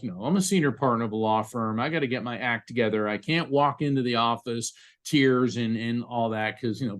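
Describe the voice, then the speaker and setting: A man with a middle-pitched voice talks through a personal story on a podcast. He stops often and repeats his words, and his telling stays heartfelt. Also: fairly bright tone. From United States. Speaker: psychic medium and attorney, podcast guest.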